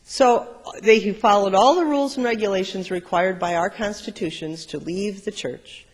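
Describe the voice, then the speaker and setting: A middle-aged man preaches a sermon, storytelling and shifting between loud bursts and quiet moments. His voice sits fairly high for a man. A long reverb from the large sanctuary follows each phrase. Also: moderate pace. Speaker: pastor.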